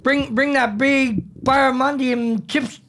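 A man's voice: very high-pitched, fairly even intonation, a little slow, fairly bright tone. An Australian man co-hosting a radio talk show, brash and blokey, tacking "mate" onto nearly every sentence.

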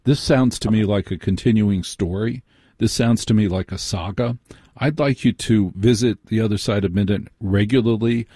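A man hosts a late-night call-in radio program in a low, mellow, husky voice. He talks in a measured, reassuring way and keeps each caller engaged by name. The studio sound is close and dry. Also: no room sound.

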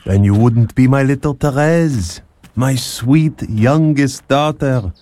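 A man playing a gentle, slow-spoken father. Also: medium pitch, natural voice. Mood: tender. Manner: slow, tender, reassuring. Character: gentle, loving father of five daughters. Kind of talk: audio drama acting.

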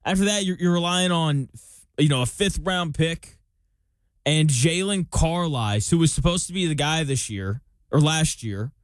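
A man hosting a sports talk show breaks down a football roster in a loose, chatty way, throwing in joking comparisons. His voice sits a little high for a man. The sound is dry and close to the mic, with no room around it. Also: lively intonation, measured pace, no room sound. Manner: chatty, jokey analogies, reads listener questions. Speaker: sports podcast host.

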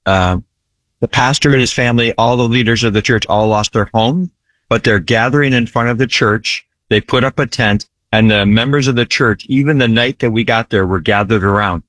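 A man speaking at a middle pitch in a dry, close recording, describing his relief work with earnest emphasis. He repeats key phrases and checks in with a frequent "right?". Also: moderate pace, fairly bright tone, dry recording. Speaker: disaster relief ministry worker. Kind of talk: earnest interview storytelling.

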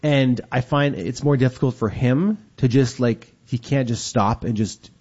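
Male radio host, mid-pitched, chatty and easygoing, reading listener texts, muffled lo-fi broadcast sound. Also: a little slow, a little mellow. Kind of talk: casual call-in radio chat. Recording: dull lo-fi radio audio.

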